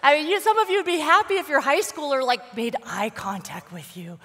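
A woman in her forties, a guest speaker telling stories to a church congregation on Mother's Day, with lively storytelling and acted-out shouts. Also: high voice, fairly quick. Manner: warm storytelling, acts out her son's shouts. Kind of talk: Mother's Day sermon talk. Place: church sanctuary. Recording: long hall reverb of a church.

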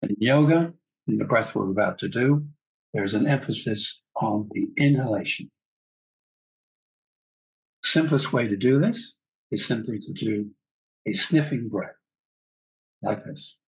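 A breathy, husky man with a lowish voice guides a breathing class in a calm, soothing way. The recording is dull and lo-fi. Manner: calm, slow, soothing instruction. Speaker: breathwork teacher.

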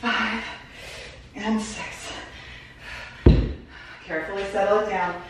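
A woman's voice: mid-range voice, steady tone, slow. A woman fitness instructor counting reps aloud and giving short cues as she works out, out of breath. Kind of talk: workout instruction. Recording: very echoey room, voice far from mic, faint noise.

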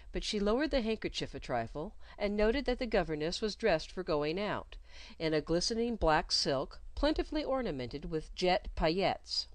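A woman reading a story aloud in an expressive, measured way. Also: on the low side, no echo. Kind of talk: scripted storybook narration.

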